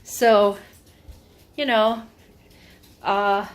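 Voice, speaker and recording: A woman's voice: medium pitch, steady tone, drawn-out words, music in the background. A woman vlogging at home, chatting casually in a wry, meandering way full of asides. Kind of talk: casual rambling chat. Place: home, indoors.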